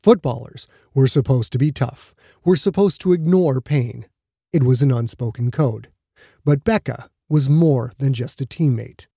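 A man reading a novel aloud as narrator, measured and even. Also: medium pitch, creaky, breathy edge, dry recording, studio quality. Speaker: audiobook narrator. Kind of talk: scripted narration.

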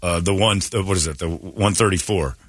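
Ranting low-voiced bright male radio host. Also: a little fast, dry recording, clean studio sound. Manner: opinionated, ranting, sarcastic. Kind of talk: casual morning radio rant.

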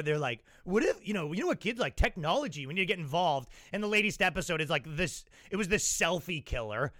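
A man hosting a podcast, telling rambling comic stories and mocking people with quick impressions. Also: a little high, pushed and bright, no echo, clean studio sound. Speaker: podcast host. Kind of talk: casual comedic monologue. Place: New York.

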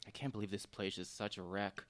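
A man's voice: on the low side, flat delivery, fairly quick, fairly bright tone, dry recording, lightly acted. A man voicing a crude, easily confused young thief in an audio drama, blunt and swearing.

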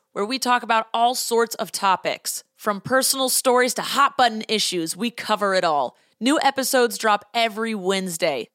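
A woman's voice: mid-range voice, a bit bright, no room sound, clean studio sound. A woman host reading an upbeat, chatty, inviting promo for her podcast.

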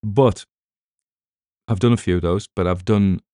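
A man's voice: sits low, a little slow, mellow, no room sound, studio quality. A middle-aged man with a British accent, an audiobook narrator rambling in casual chat with wry asides.

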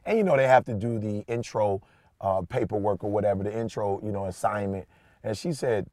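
A middle-aged man co-hosting a podcast, chatting casually and telling an animated, slangy story with lots of emphasis. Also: fairly low pitch, brisk, no room sound. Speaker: podcast co-host. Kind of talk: casual chat.

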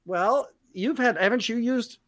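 A man co-hosting a live stream in easygoing, deadpan banter. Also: very high-pitched, unhurried, dry recording, clean studio sound. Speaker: co-host.

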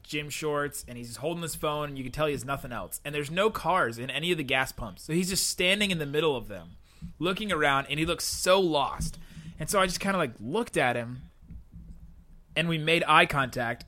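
A young man, co-hosting a casual podcast and telling a story in an animated way with frequent laughs. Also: on the high side. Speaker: podcast host.

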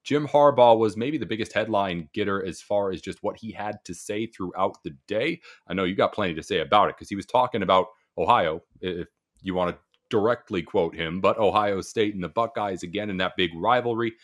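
Low-voiced man, measured sports talk. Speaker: sports podcast co-host.

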